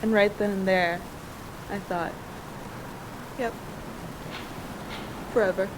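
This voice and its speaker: A woman acting out a young woman who earnestly remembers her inseparable childhood best friend. She speaks slowly, in a mid-range voice. A steady noisy hum sits under the recording. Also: medium pitch, lightly acted. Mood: wistful. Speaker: acting student. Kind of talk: rehearsed dramatic monologue.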